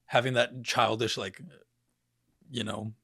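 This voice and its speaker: A man's voice: mid-range voice, level tone, takes it slowly, bright, forceful tone, breathy edge, dry recording, clean studio sound. A young man chatting casually on a podcast, rambling with lots of fillers and swearing. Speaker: podcast guest.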